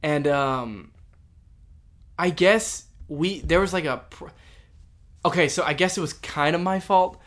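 Animated young man telling stories. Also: a little high, a little slow, long pauses. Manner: animated storyteller, ranting with loud bursts. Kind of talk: casual chat.

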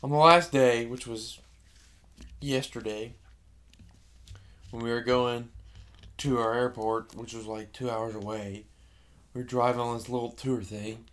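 A man's voice: mid-range voice, fairly even intonation, unhurried, long pauses, a bit bright. A young man in casual chat, talking in a laid-back, matter-of-fact way.

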